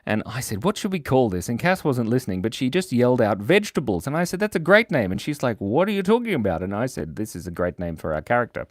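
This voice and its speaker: A playful man hosts a kids' drawing livestream, reading out chat messages in a casual way. His pitch swoops up and down all the time, from loud excited bursts to quiet mumbles. The sound is close and dry, with almost no room echo. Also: quick pace, hardly any pauses. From Australia. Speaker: livestream drawing host for kids. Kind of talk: casual live-stream chat reading comments. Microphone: mic set in a beard.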